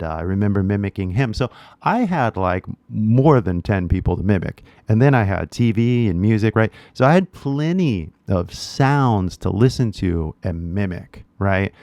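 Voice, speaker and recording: A man's voice: on the low side, a little mellow, no room sound. A Californian man giving a casual spoken lesson, chatty and peppering his talk with "right?". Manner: chatty, many rhetorical "right?" tags. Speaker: language teacher.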